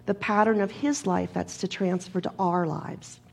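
A woman preacher delivering a sermon in a measured, emphatic manner, leaning on repeated phrases and a gravelly voice. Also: fairly low pitch, fairly even intonation, darkish tone.

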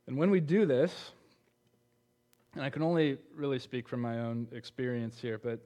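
A man's voice: medium pitch, steady tone, normal speed, dark tone. A man preaching a conversational sermon, often repeating words and putting questions to his listeners. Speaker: preacher on a church teaching team.

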